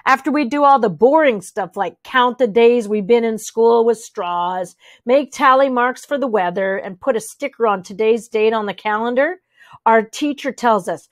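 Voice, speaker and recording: A woman reading a children's chapter book aloud, lively and switching voices for each character. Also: on the high side, moderate pace, no echo. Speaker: audiobook reader.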